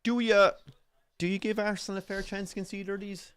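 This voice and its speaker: A man's voice: sits high, flat delivery, a little fast, fairly bright tone, smooth. A man with an Irish accent co-hosting a live football watch-along in a bar, chatting and reacting to the play with casual swearing. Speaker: co-host. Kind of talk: casual pub chat and football commentary. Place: bar during a live match.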